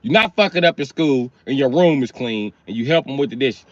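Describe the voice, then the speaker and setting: Through a slightly dull lo-fi stream mic with no room sound, a middle-aged man rants profanely and comically on a livestream. His mid-range voice moves a little fast with lively intonation and few pauses, blunt, crude and heated.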